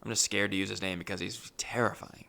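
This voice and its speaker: A man with a gravelly, creaky voice tells a comic story in an animated monologue. His tone is bright and forceful. He talks in a profane, exasperated way. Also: fairly low pitch, quick pace. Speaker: comedian.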